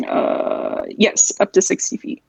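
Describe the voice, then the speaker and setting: A woman's voice: slow, a little hiss or hum, poor audio. A woman playing a tabletop game, easygoing and a little unsure. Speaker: player. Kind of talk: casual tabletop play.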